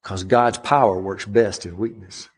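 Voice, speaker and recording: A man's voice: steady tone, measured pace, slightly rough. Impassioned middle-aged male preacher. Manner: rises in pitch and volume on emphatic runs, drops soft on quiet points. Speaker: guest pastor. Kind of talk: sermon.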